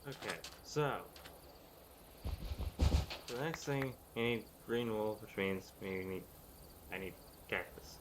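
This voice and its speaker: A man's voice: on the low side, takes it slowly, long pauses. A man giving casual, rambling commentary to his viewers while he plays a game. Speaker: gaming video creator. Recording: loud background noise.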